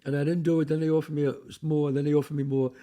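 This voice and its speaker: An older man, an actor guest, tells stories in a casual chat in a slightly high, very fast voice. He's a raspy, animated storyteller who swears freely.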